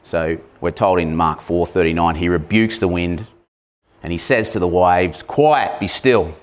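A man's voice: low voice, level tone, moderate pace. Male preacher, casual sermon delivery, engages the congregation with questions. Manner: conversational, asks the congregation questions; acts out shouted lines with sudden loud bursts.

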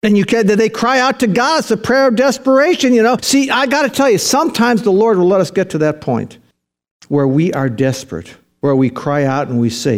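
A man's voice: high-pitched, fairly quick. A man preaching a sermon as pastor, conversational, building to emphatic, rising passages.

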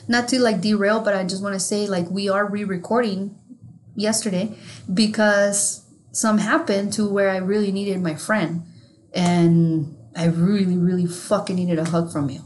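A woman co-hosting a podcast in casual chat, talking candidly and with plenty of swearing, growing animated when something amuses her. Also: medium pitch, unhurried, a little hiss or hum. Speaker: podcast co-host.

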